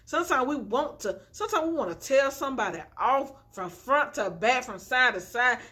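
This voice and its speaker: A woman's voice: high-pitched, animated, moderate pace, sharp tone. Chatty woman vlogger preaching y'all. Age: young adult. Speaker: inspirational vlogger. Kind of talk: casual encouraging talk to camera. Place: at home on the floor, indoors. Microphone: phone on a tripod with ring light.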